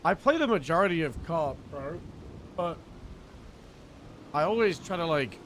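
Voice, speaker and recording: A man's voice: a little high, animated, unhurried, long pauses, a bit bright, slight background noise. A young man streaming a roleplay game, chatting casually in loose slang and swearing freely. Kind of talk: casual chat while roleplaying.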